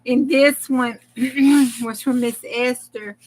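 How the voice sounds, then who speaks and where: A woman's voice: high voice, steady tone, slow pace, a little mellow. A woman hosting a casual crafting live stream, effusive and chatty, laughing often and close to tears.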